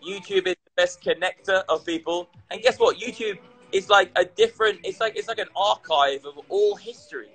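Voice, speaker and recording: A man chatting casually on a livestream, tipsy and animated, swearing and repeating himself as he talks. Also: high-pitched, moderate pace, husky, faint music behind, low-quality recording. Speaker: crypto content creator.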